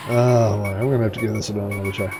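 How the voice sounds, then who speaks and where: A middle-aged man streaming retro racing games, chatting in a rambling way and cracking dad jokes. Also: medium pitch. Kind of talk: casual live-stream commentary.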